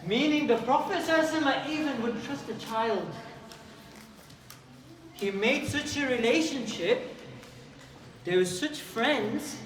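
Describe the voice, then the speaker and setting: A man giving a lively talk to a youth group, questioning and calling out to his listeners. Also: very high voice, background noise. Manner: animated, questions and calls out to listeners. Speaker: youth teacher. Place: community hall with young audience. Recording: roomy hall, distant mic, crowd behind.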